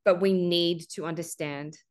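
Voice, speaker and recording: Low-voiced woman giving an earnest spiritual talk. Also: fairly even intonation, normal speed. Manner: earnest, repeats "right?" often, swears for emphasis. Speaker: podcast host. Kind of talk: spiritual monologue.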